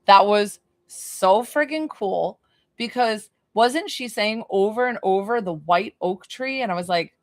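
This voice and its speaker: A woman's voice: medium pitch, a little slow, no room sound, clean studio sound. A woman hosting a live stream as a psychic medium from her basement, chatting effusively with viewers and swearing casually. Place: basement room.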